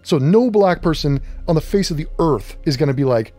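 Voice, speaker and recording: A man's voice: on the high side, expressive, a little fast, few pauses, warm tone, faint music behind. A man hosting a talk show, delivering a mocking, profane and emphatic commentary rant. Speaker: radio show host.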